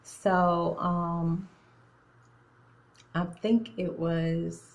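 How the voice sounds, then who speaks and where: A young woman in nursing school telling a story in a casual, animated, slangy way, drifting in and out of an accent. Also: lowish voice, drawn-out words, gravelly, poor audio. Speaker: nursing student. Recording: phone-recorded video.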